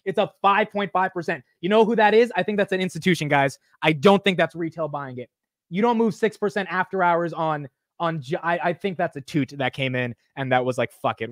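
A man hosting a live market-close stream, excitable and exclamatory, swearing as prices move. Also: a little high, dry recording. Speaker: host.

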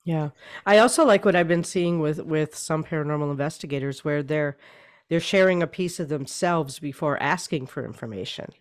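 A woman author talking in a casual interview, hoarse and losing her voice, often clearing her throat and repeating words as she thinks. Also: sits low, moderate pace. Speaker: author guest.

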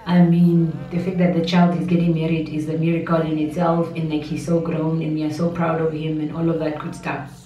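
A woman talks through a hard personal story, rambling and restarting, yet her voice stays steady. Her tone is mellow and a little low. She sounds somewhat distant from the mic, in a roomy space with a muffled, faintly noisy sound. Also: a little fast. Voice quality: steady voice that does not break. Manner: rambling, emotional, with many restarts and asides. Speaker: vlogger.

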